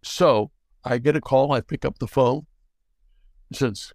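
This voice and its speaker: An older man, a guest actor, telling anecdotes in an animated way and acting out the dialogue. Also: mid-range voice, measured pace, no echo. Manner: animated, acts out dialogue in quotes. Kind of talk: anecdotal storytelling.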